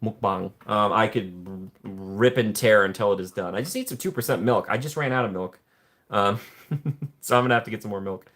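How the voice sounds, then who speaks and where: A man hosting a casual live stream, reading viewer comments in a playful, jokey way, often laughing and jumping up in pitch when excited. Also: normal speed.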